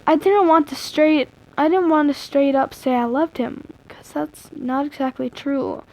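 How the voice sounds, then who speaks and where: A young woman with a high voice reads a story aloud at a slow, leisurely pace. She is chatty and easily sidetracked, drifting off into asides and jokes between passages in a casual live-stream reading. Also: steady tone, a little mellow, poor audio. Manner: chatty, easily distracted, breaks off to joke. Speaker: livestreamer reading fan fiction.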